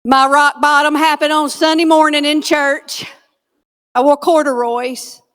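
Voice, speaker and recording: High-voiced woman telling comic stories on stage. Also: fairly even intonation, measured pace, fairly bright tone. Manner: folksy, self-deprecating, punchline delivery. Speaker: keynote speaker. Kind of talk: comedic motivational keynote storytelling. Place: conference stage before a live audience.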